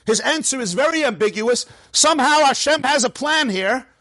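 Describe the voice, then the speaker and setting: A man teaching a Torah class as a rabbi, animated and playful, firing off rhetorical questions and jokes. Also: very high-pitched, normal speed, no room sound.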